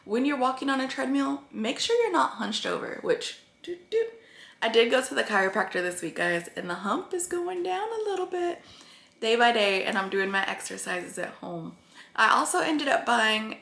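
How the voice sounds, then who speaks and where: A woman's voice: on the high side, vocal fry, fairly bright tone, echoey room. A woman talking earnestly to her viewers in a rambling vlog about her weight-loss progress. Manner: earnest, rambling, tearful at times. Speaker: vlogger.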